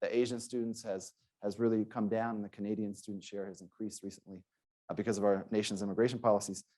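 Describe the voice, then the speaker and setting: A man's voice: lowish voice, flat delivery, fast, dark tone. A man, a sociology professor, giving an earnest conference presentation and telling stories, with frequent restarts.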